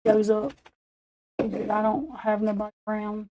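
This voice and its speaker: Foul-mouthed woman in her forties, mellow. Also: medium pitch, fairly even intonation, moderate pace, lo-fi sound. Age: 40s. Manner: profane, rambling storytelling with laughs. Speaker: livestream host. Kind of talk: casual late-night chat.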